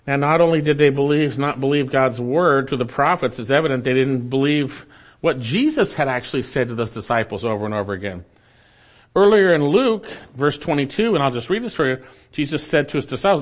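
A man pastor preaching a sermon in an earnest style, climbing in pitch on emphatic points and falling low and quiet on asides. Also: animated, moderate pace.

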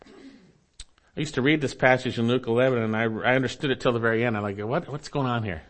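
A pastor preaches a sermon to his congregation, reading scripture aloud and earnestly repeating his key phrases. His voice is medium-pitched and his delivery brisk.

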